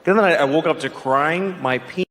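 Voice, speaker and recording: A man's voice: moderate pace, reverberant, in a large hall. A middle-aged man doing a profane, ranting stand-up comedy set on a club stage. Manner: ranting, profane, jumps into shrill yelling bits. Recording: live set with clear audience noise.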